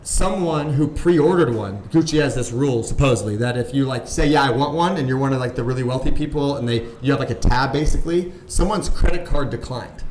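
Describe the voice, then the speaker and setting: A man's voice: mid-range voice, fairly quick, hardly any pauses, slight background noise. Chatty man in his thirties, echoey room. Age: 30s. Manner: animated, acts out quoted voices, lots of "like". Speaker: podcast guest. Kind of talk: casual storytelling chat.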